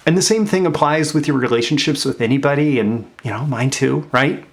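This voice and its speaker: A man talking straight to his audience in an easy, unscripted way, full of "you know" and restarts. His pitch sits in the middle for a man and jumps up when he hammers home a point. It sounds like a casual motivational chat. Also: brisk, creaky. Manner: conversational, many fillers and restarts, rising emphasis on key points. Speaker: marketing coach and host. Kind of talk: casual motivational talk to camera.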